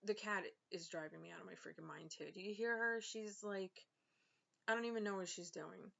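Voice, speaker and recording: A woman's voice: medium pitch, steady tone, brisk, vocal fry, a bit bright. Exasperated young woman ranting at home. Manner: exasperated, sarcastic, lots of fillers. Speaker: vlogger and author. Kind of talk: casual ranting vlog. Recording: slightly dull lo-fi sound.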